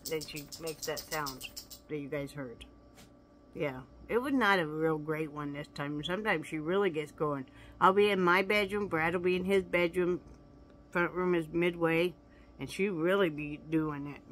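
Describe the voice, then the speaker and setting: A woman's voice: moderate pace, a bit bright, slight background noise. A woman hosting a casual home vlog, chatting to viewers and laughing often. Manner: coos in a high baby-talk voice to her pet. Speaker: vlog host. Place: home, living room.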